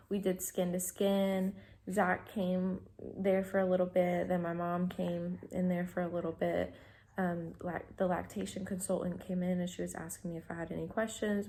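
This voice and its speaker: A young adult woman telling a personal story in a casual vlog, rambling with many fillers and restarts. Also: lowish voice. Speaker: vlogger.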